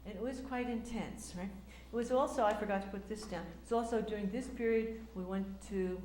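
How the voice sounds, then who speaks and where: An older woman telling stories in a casual, animated way, acting out quotes with lots of fillers and restarts. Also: mid-range voice, brisk, echoey room, slight background noise. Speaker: speaker recounting memories. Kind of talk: casual storytelling talk.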